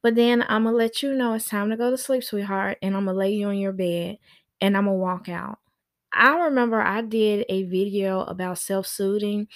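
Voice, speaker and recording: A woman's voice: medium pitch, dry recording, studio quality. Sassy middle-aged woman giving parenting advice. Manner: animated, sassy, acts out quoted people. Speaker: nanny and parenting show host. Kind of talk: casual parenting advice talk.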